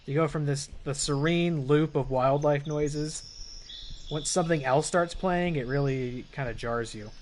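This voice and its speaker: A man giving relaxed, musing gameplay commentary as he plays a horror game, with asides to viewers. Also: a little high, unhurried, slight background noise. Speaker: gamer playing a horror game. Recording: loud game music behind.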